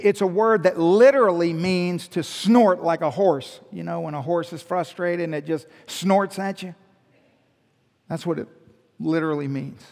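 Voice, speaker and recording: A male pastor preaches a sermon in a church sanctuary, teaching conversationally with rhetorical questions and restarted phrases. His voice is high-pitched and a little mellow, trailed by a long reverb.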